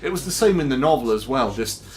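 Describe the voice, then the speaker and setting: A man's voice: mid-range voice, animated, quick pace. A man casually and enthusiastically commenting over gameplay at home on a headset mic. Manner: chatty, enthusiastic, laughs often.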